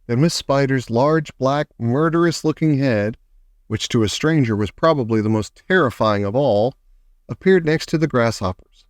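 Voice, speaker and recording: A man narrating a children's storybook with expressive delivery. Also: medium pitch, moderate pace, dry recording, clean studio sound. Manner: expressive, lively character voices. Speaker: audiobook narrator. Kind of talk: storybook reading.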